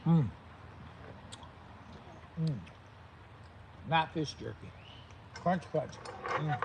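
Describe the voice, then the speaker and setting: A man's voice: fairly high pitch, extremely slow, creaky, background noise. A man hosting a vlog, chatting upbeat and straight to viewers while eating and cooking. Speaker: vlog host. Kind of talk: casual chat to camera.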